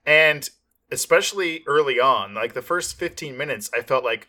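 Bright-voiced man chatting about movies. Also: medium pitch, expressive, moderate pace. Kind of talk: casual movie review chat.

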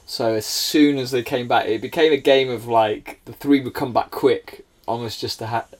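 Welsh male guest, 30s, middle-pitched voice, animated anecdotes with frequent laughter. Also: moderate pace. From Wales. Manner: animated storyteller, laughs often. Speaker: guest, former footballer. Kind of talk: casual chat.

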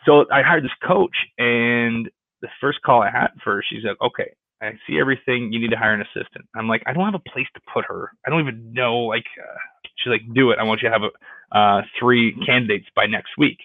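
A man's voice: mid-range voice, a little fast, no echo. A man telling a long career story in a casual interview, rambling with restarts and acting out quoted dialogue. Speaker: real estate agent. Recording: tinny phone-like line, dry.

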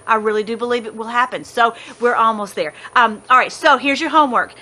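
A middle-aged woman leads an informal Bible lesson from her rural home. Her voice sits a little high and rings bright and sharp. She rambles enthusiastically, restarts her sentences and laughs easily. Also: brisk. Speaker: Bible teacher. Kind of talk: casual Bible study teaching.

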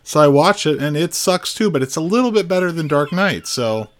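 A man's voice: fairly high pitch, animated, fairly quick. A man co-hosting a film podcast, giving casual, opinionated reviews and laughing easily.

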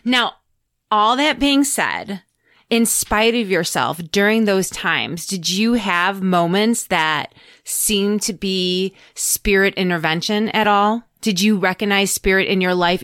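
A woman's voice: lowish voice, measured pace, fairly bright tone, dry recording, clean studio sound. A woman hosting a casual interview, asking thoughtful questions and murmuring affirmations. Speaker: podcast host.

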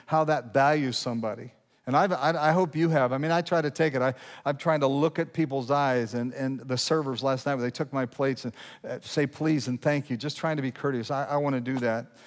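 A middle-aged man preaching to a church congregation, with a voice of ordinary male pitch. He talks conversationally, stumbles and restarts his sentences, and slows down when reading scripture. The sound carries a long reverb from a large hall. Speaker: pastor. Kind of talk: sermon. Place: church sanctuary.

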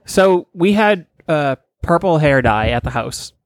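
A man's voice: on the high side, expressive, a little slow, no echo. A man co-hosting a podcast, jokey and self-deprecating, swearing casually as he talks. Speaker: podcast co-host. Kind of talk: casual chat.

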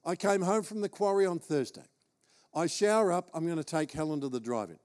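A man's voice: a little high, lively intonation, brisk, a little mellow. A man with an Australian accent, preaching as he tells a humorous, self-deprecating personal story. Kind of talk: storytelling sermon.

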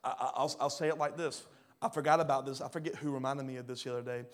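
A pastor preaching a sermon, swinging between loud rising bursts and quiet low drops. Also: male voice, steady tone, quick pace. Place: church hall.

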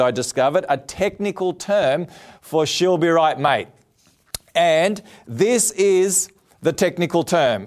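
A man's voice: on the high side, a little mellow. A man with an Australian accent preaching a sermon in a television studio with an audience, earnest and welcoming, repeating key phrases. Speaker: pastor.

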